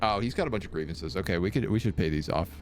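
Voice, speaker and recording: A young man streaming a strategy game with casual, excitable live commentary. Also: low-pitched, quick pace, a little hiss or hum. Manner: casual, excitable, baby-talks to his cat.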